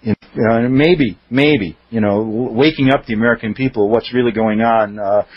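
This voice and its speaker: A man's voice: medium pitch, normal speed, slightly rough, dry recording, lo-fi sound. Plain-spoken man hosting a radio show. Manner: plain, conversational, short prompts. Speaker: radio talk show host. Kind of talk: radio interview and call-in.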